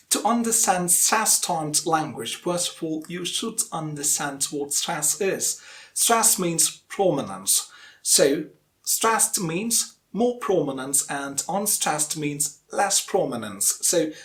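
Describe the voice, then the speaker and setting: Slow, deliberate Indian English teacher. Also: male voice, on the high side, a bit bright. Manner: slow, deliberate, repeats key terms. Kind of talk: spoken lesson.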